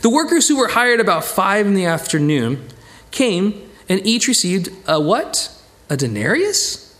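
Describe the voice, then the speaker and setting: A man's voice: high-pitched, sing-song, measured pace, fairly bright tone. A man teaching a Bible study from slides, retelling a parable and acting out its characters in quoted voices.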